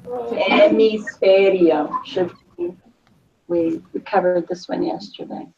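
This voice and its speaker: A woman runs a Spanish spelling drill in a classroom, repeating each word and letter in an unhurried way. She sounds distant from the mic, and the recording is dull and lo-fi. A faint hiss of noise sits behind her. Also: lowish voice, lively intonation, gravelly, a little mellow. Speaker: Spanish teacher.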